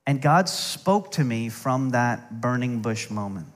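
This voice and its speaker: A man's voice: medium pitch, expressive, unhurried. A middle-aged man preaching a sermon, telling stories with humor and asides. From United States. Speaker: pastor. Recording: long hall reverb.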